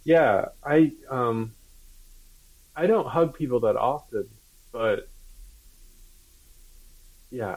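A man's voice: mid-range voice, slightly rough, narrow, tinny audio. A man in casual chat, speaking hesitantly and reflectively.

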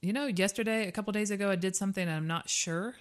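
A woman's voice: medium pitch, fast. A young adult woman co-hosting a podcast, chatting candidly with frequent laughs and casual swearing. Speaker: podcast co-host. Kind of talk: casual chat.

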